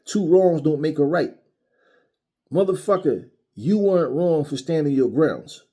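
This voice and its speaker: Angry, husky-voiced man ranting. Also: a little high, animated, unhurried, dark tone. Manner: angry, profane, mocking. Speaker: boxing commentary channel host. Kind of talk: heated opinion rant.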